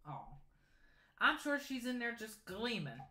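A man's voice: extremely high pitch, big pitch swings, unhurried, roomy sound, noisy background. A young man in his late teens hosting a casual sewing livestream, chatting and reading viewer comments aloud as he answers them. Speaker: sewing channel host. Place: home sewing room.

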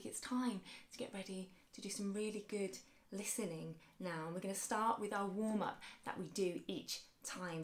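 A woman in her thirties leading a children's music lesson, upbeat and encouraging, explaining things slowly and clearly. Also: medium pitch. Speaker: music teacher.

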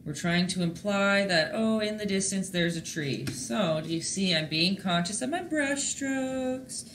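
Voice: medium pitch, expressive, unhurried, a bit bright, echoey room, a little hiss or hum. A host teaching a live-streamed painting lesson in a chatty, encouraging way, talking to viewers in the chat.

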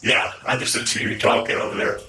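A man's voice: lowish voice, level tone, brisk, gravelly, heavy background noise. A man chatting and joking on a game stream while his voice runs through a robot voice changer. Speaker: streamer playing an online shooter. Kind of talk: casual gaming chat.

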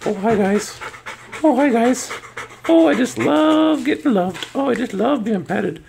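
A man voicing his cheerful, affectionate golden retriever in a high, sweet baby voice. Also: expressive, unhurried, vocal fry, darkish tone, slight background noise, heavily acted. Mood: gushing. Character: cheerful adoring male golden retriever dog.

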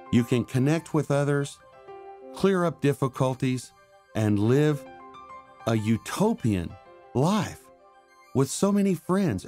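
Give me a mellow man narrating a self-improvement course over faint music. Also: medium pitch. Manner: steady, encouraging. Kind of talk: instructional narration.

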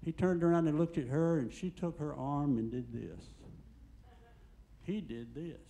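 An older man doing a stand-up comedy set in a comedy club, telling deadpan jokes and acting out the quotes. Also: fairly high pitch, unhurried, vocal fry.

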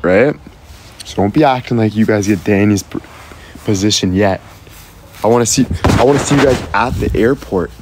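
Deeper-voiced male streamer, playful ribbing, thanks chat by name, faint hum behind. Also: a little mellow. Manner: teasing, playful, quick to laugh; rattles off thanks to viewers by name. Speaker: live streamer. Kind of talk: casual live-stream chat with viewers.

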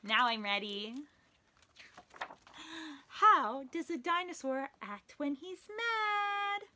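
A woman reading a picture book aloud to young children in a playful, animated way, talking to the listener as she goes. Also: high-pitched, slow pace, slight background noise.

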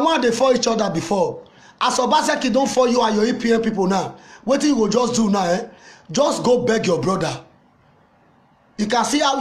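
A man with a Nigerian accent playing a loud, mocking older Nigerian mama in a comedy skit, scolding and teasing someone. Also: high voice. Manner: taunting, scolding, laughing at the listener.

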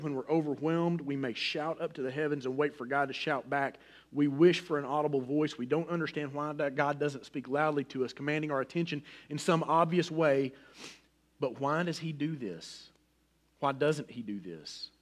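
A middle-aged man preaches a sermon with folksy personal asides. His delivery swings between loud, pressing emphasis and a soft, hushed near-whisper. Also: on the high side, moderate pace. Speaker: pastor.

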